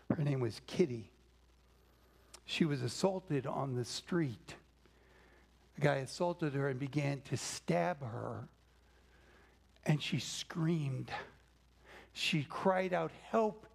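Gravelly preacher man, slow and dramatic. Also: a little high, darkish tone. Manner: dramatic, drops to a whisper for emphasis. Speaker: pastor. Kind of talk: sermon.

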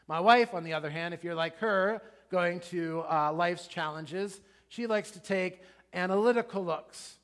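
Middle-aged male pastor, slightly high voice, animated conversational sermon storytelling. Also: unhurried.

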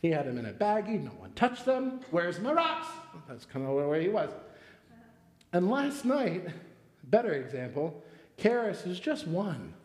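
Male pastor, 30s, high voice, chatty storytelling sermon, big echoey church room. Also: very animated, unhurried, darkish tone. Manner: conversational, storytelling with personal anecdotes. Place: church sanctuary. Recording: echoey church hall with long reverb.

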